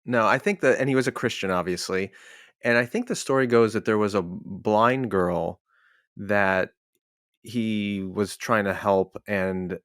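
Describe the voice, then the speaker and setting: Man co-hosting a podcast, rambles and corrects himself, lower voice, dry sound. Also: measured pace, a bit bright, smooth, no echo. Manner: rambling, unsure, self-correcting. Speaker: podcast co-host. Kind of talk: casual chat.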